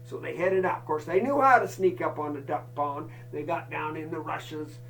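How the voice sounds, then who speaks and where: A folksy campfire storyteller spinning a yarn with asides to the listeners. The voice is bright and carries, heard from a little way off the mic. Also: medium pitch, moderate pace, recorded from a distance, slight background noise, poor audio.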